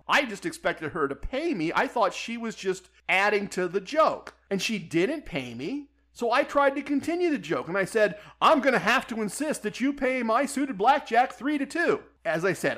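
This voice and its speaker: A man telling a personal anecdote in a wry, deadpan way. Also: sits high. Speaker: storyteller.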